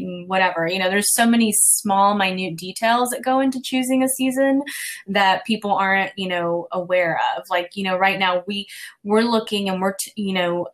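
A woman who programs theater seasons, talking casually in an interview and telling stories with lots of fillers. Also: lowish voice. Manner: chatty storytelling, many "you know" fillers.

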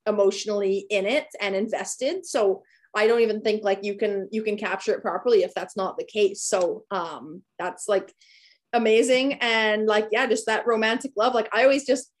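A young adult woman hosting a casual interview podcast, chatty and full of "like" fillers. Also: medium pitch. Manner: chatty, peppers speech with "like".

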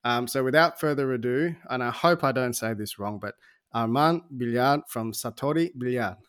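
A man's voice: mid-range voice, normal speed, a bit bright, clean tone. An upbeat man hosts a casual podcast interview over a call. His voice sits in a middling range, and he talks in friendly bursts with plenty of fillers and restarts as he keeps things rolling. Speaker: podcast host.

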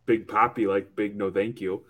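A man's voice: lowish voice, flat delivery, moderate pace, a bit bright. A man hosting a podcast, asking easygoing questions and tossing in quips. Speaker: podcast host. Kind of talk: casual podcast chat.

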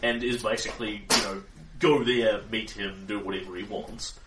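A man's voice: fairly low pitch, steady tone, normal speed. A man narrating a tabletop game as game master, rambling along with restarts and fillers. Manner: rambling, with restarts and filler while setting the scene. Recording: echoey room, distant mic, faint noise.

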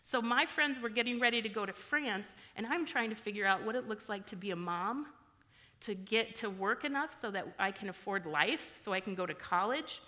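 Bright-voiced woman preaching in a hall. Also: medium pitch, normal speed. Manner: frank, conversational, self-deprecating. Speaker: church speaker. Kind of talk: candid personal sermon.

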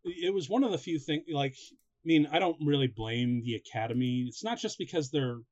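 A man's voice: on the high side, normal speed. Laughing man on a dull lo-fi mic. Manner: laughs often, excitable asides. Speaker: co-host of a movie reaction. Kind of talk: casual chat. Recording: slightly dull lo-fi sound.

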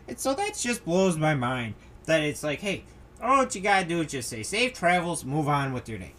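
A man's voice: fairly high pitch, very animated, moderate pace, fairly bright tone. A young man hosting a solo podcast, ranting in an exasperated way, swearing and mocking the people he quotes. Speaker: podcast host.

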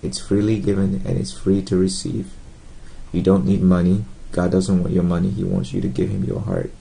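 Male preacher, earnest and halting, dark mellow gravelly voice. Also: deep voice, poor audio. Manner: earnest, halting, with frequent fillers and restarts. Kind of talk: informal gospel sermon to camera.

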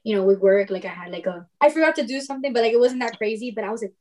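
A woman's voice: a little high, very fast, darkish tone. A young adult woman telling stories in casual conversation as a podcast guest, laughing often and acting out quoted dialogue.

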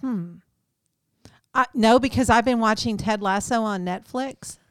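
A woman's voice: fairly high pitch, measured pace, clear, resonant tone, dry recording, clean studio sound. A woman co-hosting a casual chat podcast, joking and laughing often. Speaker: podcast co-host.

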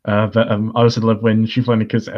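A rambling man talking through a TV episode in easy conversation, his voice sitting a little low. The recording sounds dull and lo-fi. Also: completely flat delivery, fast talker. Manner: rambling, chatty, laughs often. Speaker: podcast host. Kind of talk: casual chat.

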